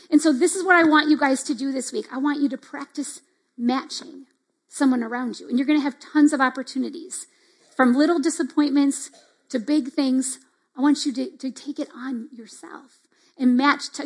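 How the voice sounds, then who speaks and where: A middle-aged woman with a high voice leads a devotional teaching talk. She speaks casually, leaning on asides like "like" and "right?". She acts out the little reactions she describes. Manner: conversational, fillers like "like" and "right?". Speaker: church speaker.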